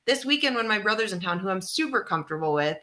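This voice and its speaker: A woman co-hosting a comedy podcast, chatting casually in an animated, teasing way. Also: medium pitch, fast. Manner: animated, teasing, talks through her feelings. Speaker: podcast co-host.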